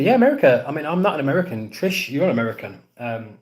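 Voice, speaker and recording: A man's voice: on the high side, big pitch swings, fast talker. A man hosting a casual podcast live stream, rambling and repeating himself as he answers chat comments. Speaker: podcast host.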